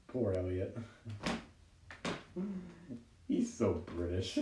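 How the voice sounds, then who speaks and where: Man, live-stream stand-up from home, rambling, self-mocking, laughs at his own jokes, low voice, distant mic, echoey room. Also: sing-song, drawn-out words, pauses often. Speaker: stand-up comedian. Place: at home during quarantine. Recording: roomy, distant home recording with faint noise.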